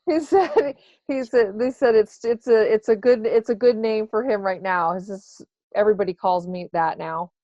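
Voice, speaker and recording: A woman's voice: mid-range voice, normal speed, mellow, no room sound. A woman who works as a psychic medium, answering questions in a casual interview, hesitant and full of fillers. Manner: hesitant, many fillers and restarts. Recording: dry, dull lo-fi sound.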